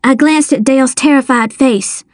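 A woman narrating a story in the first person, measured and dramatic. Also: high-pitched, dry recording, studio quality. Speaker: audiobook narrator.

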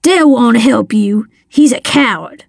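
A woman voicing a drunk, violent middle-aged man who snarls threats, read slowly in a dry, close storybook reading. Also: fairly high pitch, animated, creaky, no echo, exaggerated voice. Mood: menacing.

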